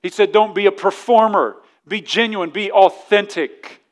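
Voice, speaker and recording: A pastor preaching to his church on a fairly high voice. He banters and teases the congregation, then reads scripture aloud in old King James wording. The delivery stays animated. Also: measured pace. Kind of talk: sermon. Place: church service before a congregation.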